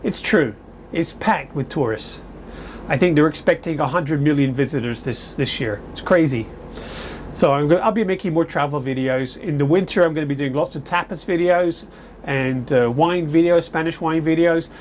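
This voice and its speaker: Brief: rambling man telling stories to camera, slightly raised pitch, faint air conditioner hum behind. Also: moderate pace, darkish tone. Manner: rambling, chatty, self-correcting. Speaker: vlogger. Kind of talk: casual storytelling to camera. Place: home in summer, indoors. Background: air conditioner humming.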